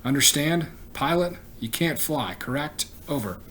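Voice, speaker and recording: A man's voice: on the high side, expressive, measured pace, fairly bright tone, a little hiss or hum, voice pushed up. A man voicing a terse male radio operator who speaks in clipped, formal radio phrasing. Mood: businesslike.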